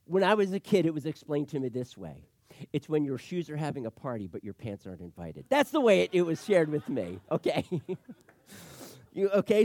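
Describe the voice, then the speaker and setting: A middle-aged man delivers a sermon as a pastor, his pitch rising and falling widely. He moves from loud emphatic lines to hushed asides. The sound is dry and close. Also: sing-song, a little fast, dry recording.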